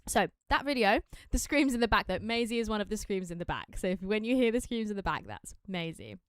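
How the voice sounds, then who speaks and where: A chatty woman hosts a casual livestream, bubbly and quick to interrupt herself as she talks. Her voice is smooth and clear. She is recorded up close in a dry room. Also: medium pitch, expressive, no echo. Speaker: musician hosting a watch party.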